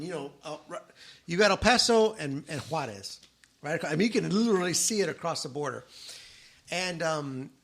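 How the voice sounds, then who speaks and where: A middle-aged man with a fairly high voice tells a personal story on a casual podcast. He slips into the voices of his relatives as he goes. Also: a bit bright. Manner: storytelling, acts out quoted relatives. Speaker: podcast co-host. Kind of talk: casual chat.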